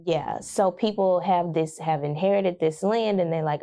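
A woman's voice: fairly low pitch, moderate pace, dark tone. A woman co-hosting a podcast in casual, playful chat with her husband. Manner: playful, teasing banter. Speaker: podcast co-host.

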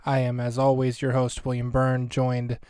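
A male podcast host with a smooth, resonant voice. He rambles through a film recap in a loose, joking way. The recording is dry and close, with almost no room sound. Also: medium pitch, completely flat delivery, moderate pace, a little mellow, dry recording. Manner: joking, rambling, self-interrupting. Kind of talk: casual comedic podcast commentary.

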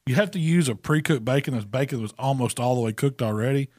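A man, co-hosting a casual barbecue chat and calmly explaining cooking step by step. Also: medium pitch, fast talker, dry recording, studio quality. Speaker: barbecue pitmaster co-host.

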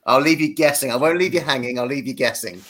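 Casual British guest, laid-back and wry, mid-pitched. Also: male voice, quick pace, fairly bright tone. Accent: British English. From United Kingdom. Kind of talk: casual podcast chat.

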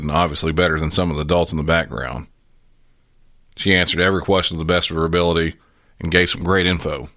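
A man hosting a podcast, giving scripted commentary in a measured, earnest way. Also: low-pitched, fairly bright tone, no echo, clean studio sound. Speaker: podcast host. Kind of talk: scripted narration.

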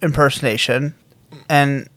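A man's voice: medium pitch, steady tone, measured pace, crowd noise. A man co-hosting a podcast in casual banter, arguing his point readily. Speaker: podcast co-host.

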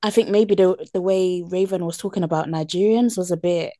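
A woman in casual podcast chat, relaxed and agreeable, often answering briefly. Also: fairly low pitch, a little fast, no echo, clean studio sound.

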